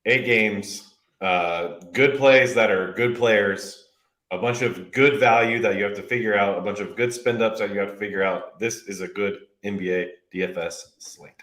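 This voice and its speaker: A man chatting as a fantasy sports analyst on a stream, relaxed and chatty. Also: fairly low pitch, moderate pace. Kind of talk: casual stream chat. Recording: echoey room.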